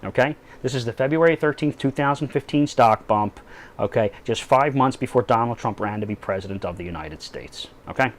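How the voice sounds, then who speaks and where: Male political blogger, mocking, rambling, keeps checking in with "right?", mid-pitched voice. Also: brisk. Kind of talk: satirical political commentary.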